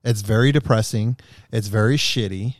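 A man in casual chat, telling stories with lots of swearing, animated and often laughing. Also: on the low side, normal speed, no echo, studio quality. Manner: animated, profane storyteller who gets loud and laughs.

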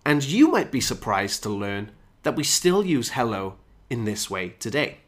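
A man explains everyday phrases like a teacher, his pitch rising and falling in an animated way. He speaks clearly and acts out the example phrases as he goes. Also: moderate pace. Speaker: English teacher. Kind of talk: scripted podcast lesson.

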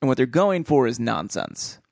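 A playful podcast co-host joking about a book chapter, quick with silly bits and mock outrage. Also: mid-range voice, sing-song, vocal fry, a little mellow, dry recording, clean studio sound. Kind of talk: casual chat, book club podcast.

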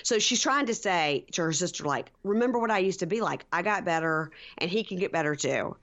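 Woman, low voice, chatty recap host, mimics people she quotes, slightly dull lo-fi sound. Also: a little fast. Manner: animated storyteller, acts out quotes with jumps in pitch. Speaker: podcast co-host. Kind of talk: casual recap chat.

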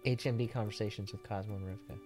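A man's voice: on the low side, steady tone, quick pace, darkish tone, soft background music. A man co-hosting a casual faith podcast, wry and fond of explaining with wordplay. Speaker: podcast co-host. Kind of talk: casual chat.

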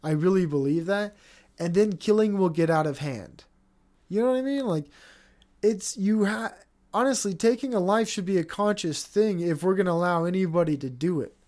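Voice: mid-range voice, moderate pace, darkish tone. A podcast host in their thirties on a casual solo rant, rambling and swearing often with many restarts.

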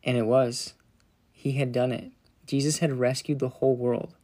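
Speaking at normal speed in a level, medium-pitched tone, a man narrates a Bible tale for kids. He tells it with gentle drama, quieting down for solemn moments.

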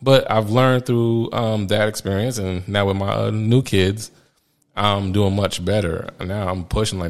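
A man in his thirties speaks in a fairly low voice, telling parenting stories in a loose, candid way. He rambles, restarts and laughs often as he talks. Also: steady tone, measured pace. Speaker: father sharing parenting stories. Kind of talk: casual personal storytelling.

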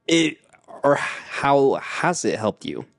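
A man's voice: medium pitch, big pitch swings, takes it slowly, creaky, dry recording, clean studio sound. A man co-hosting a casual podcast chat, rambling and repeating words as he talks. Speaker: podcast co-host.

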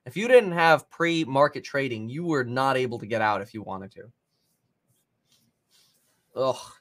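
A man hosting a live stock market stream, giving casual running commentary with sudden excited outbursts. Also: mid-range voice, a little slow. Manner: casual, thinking aloud, bursts of excited exclamations. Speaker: stock market livestream host.

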